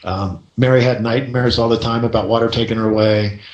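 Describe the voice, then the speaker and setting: A male radio host tells a story with lively energy and keeps checking in with the listener. His voice sits at an ordinary middle pitch, and the room around him has a noticeable echo. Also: a little fast, lo-fi sound. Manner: lively storyteller, rhetorical "right?" asides. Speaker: radio show host and success coach.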